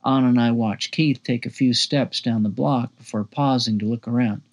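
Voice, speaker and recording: A man reads a first-person memoir aloud with a gravelly, fry-laced voice. He keeps a low-key, wry storytelling tone at a middling pitch. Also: steady tone, normal speed. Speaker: narrator.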